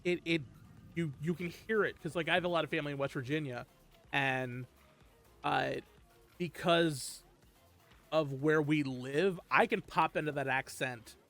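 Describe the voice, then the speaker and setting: A man from South Jersey hosting a book club chat, animated and acting out his own reactions. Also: on the high side, measured pace, pauses often, soft background music. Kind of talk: casual chat.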